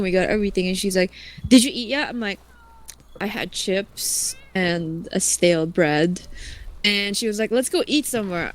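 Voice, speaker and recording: Speaking at a medium pitch, a woman streamer chats casually and tells an animated story. She swears freely and acts out other people's lines as she goes.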